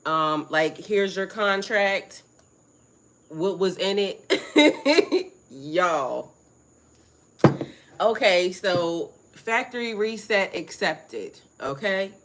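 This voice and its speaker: A middle-aged woman, hosting a casual spiritual live stream in a rambling, excitable, profane way. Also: mid-range voice, drawn-out words, long pauses. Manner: rambling, excitable, profane, greets viewers by name.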